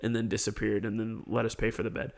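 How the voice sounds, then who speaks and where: Gravelly-voiced man retelling a story. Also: on the low side, fast. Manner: animated retelling, acts out quotes. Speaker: podcast co-host. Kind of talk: casual storytelling chat.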